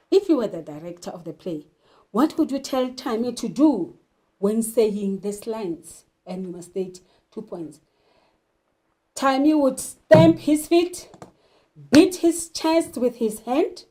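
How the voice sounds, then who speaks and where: A woman's voice: on the high side, warm tone, poor audio. A woman teaching a literature lesson, talking emphatically and putting questions to her learners. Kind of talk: televised classroom lesson.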